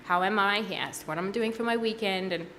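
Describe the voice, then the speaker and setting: A woman sharing her personal testimony at a worship service, earnest and halting, with frequent pauses and restarts. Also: mid-range voice, a bit bright, slight background noise. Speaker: church testimony speaker.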